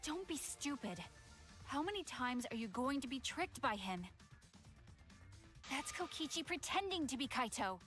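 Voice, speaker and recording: A cold, sharp-tongued young woman in a video game who snaps out curt, scornful lines. Her voice is high with lively pitch, and game music sits underneath. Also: a little slow, long pauses.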